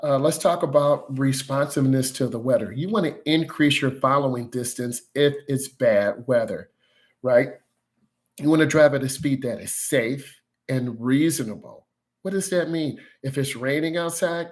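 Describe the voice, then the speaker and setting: A man's voice: mid-range voice, normal speed. A man teaching driving to viewers in a casual, instructional way, repeating key points and checking in with "right?" and "okay?".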